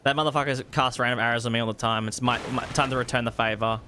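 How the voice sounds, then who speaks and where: A man gives excitable live commentary as he plays a video game, swearing freely and breaking into laughs. His voice is bright and sharp, and a faint hum of noise sits under his talk. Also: medium pitch, quick pace. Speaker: gaming streamer.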